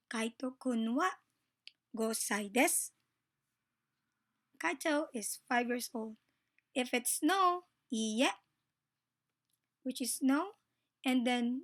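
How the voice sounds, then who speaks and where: A woman with a Filipino accent teaching a Japanese grammar lesson in a polite, casual way, switching between Tagalog and English and slowing down for the example sentences. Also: sits high.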